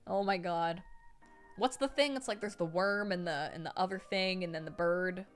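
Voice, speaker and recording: A young woman streaming herself reading a novel aloud, breaking off to react excitedly, swear freely and thank donors. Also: fairly low pitch, moderate pace, soft background music.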